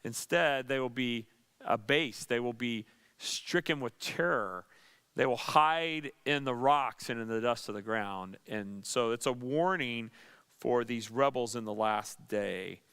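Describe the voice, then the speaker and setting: A man's voice: mid-range voice, measured pace, fairly bright tone, clear, resonant tone. A man, a pastor, teaching a Bible study in an earnest, conversational way with dry sarcastic asides.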